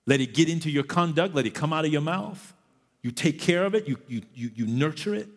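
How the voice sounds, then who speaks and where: A man's voice: fairly high pitch, fairly quick. A man preaching a sermon as pastor, pressing his congregation to keep going, and now and then mimicking whiny excuses. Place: church sanctuary. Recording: long church reverb.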